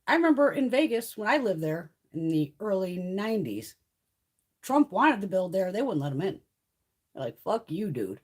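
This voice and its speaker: A woman's voice: mid-range voice, big pitch swings, normal speed, darkish tone. A middle-aged woman from the US East Coast chatting casually on a livestream, telling stories in a blunt way and swearing constantly. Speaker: beauty livestream host.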